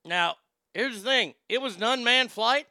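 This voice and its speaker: A man's voice: very high voice, moderate pace, sharp tone, no echo, clean studio sound. A man hosting a livestream in casual commentary, rambling with stammered restarts and a mocking tone. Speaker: livestream host.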